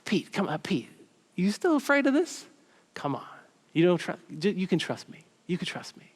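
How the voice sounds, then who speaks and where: A man's voice: high voice, big pitch swings, normal speed, slightly rough, heavily acted. A man voicing a tender, coaxing Jesus. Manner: soft, coaxing, repeating words. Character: gentle loving Jesus, an adult man speaking as a tender friend.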